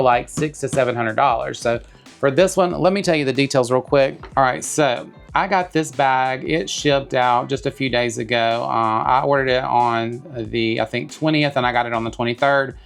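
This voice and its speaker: Guy unboxing a bag, gravelly voice, chatty and excited, bit of quiet music behind. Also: medium pitch. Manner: chatty, enthusiastic, addresses viewers as y'all. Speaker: bag reviewer. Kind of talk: casual unboxing vlog.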